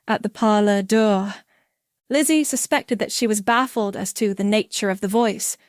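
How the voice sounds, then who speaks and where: A woman reading a mystery story aloud in a clear, measured narration. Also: mid-range voice, darkish tone, dry recording, clean studio sound. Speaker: audiobook reader.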